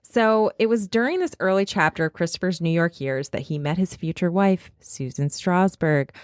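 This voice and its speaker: Low-voiced woman podcast host, wry. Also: moderate pace, clear, resonant tone, no room sound, clean studio sound. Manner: wry, chatty storyteller. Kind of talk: casual chat, narrating researched gossip.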